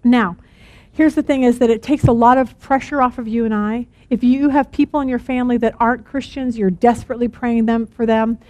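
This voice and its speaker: A middle-aged woman teaching a Bible study, earnest and animated, telling stories and acting out quotes. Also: fairly high pitch, a little fast, no echo.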